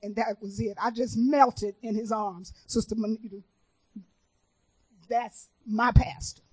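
A woman from Chicago delivers a sermon in a high voice. She preaches with earnest, testifying feeling and takes her time, swinging from hushed to emphatic. The sound is close and dry. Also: steady tone, unhurried, breathy edge, no room sound, rough recording. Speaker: minister.

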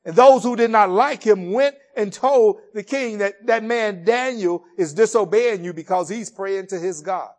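A man preaching a sermon, retelling a Bible story in an expressive storytelling way. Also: high-pitched, normal speed, hardly any pauses.

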